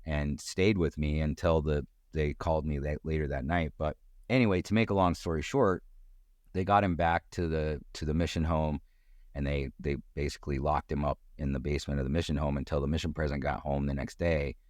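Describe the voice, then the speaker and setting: A middle-aged man telling a personal story in casual conversation, acting out quoted voices with sudden jumps in pitch. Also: steady tone, brisk, a little mellow, no echo, clean studio sound. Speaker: guest storyteller.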